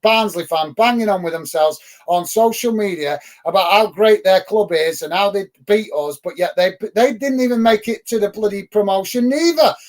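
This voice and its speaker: A middle-aged Englishman with a fairly high voice hosts a live football watch-along show, chatting casually with viewers and getting worked up and emphatic about rival fans. He speaks at normal speed with hardly any pauses, filling his talk with ums and uhs.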